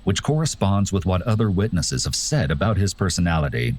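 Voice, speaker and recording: A man giving measured, even documentary narration. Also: sits low, vocal fry, slight background noise.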